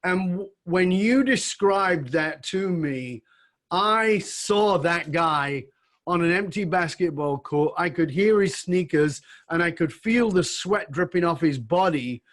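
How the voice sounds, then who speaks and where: A man's voice: high-pitched, lively intonation, slow pace, a bit bright. A man hosting a conversational interview, speaking reflectively and building to emphatic questions. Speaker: podcast host.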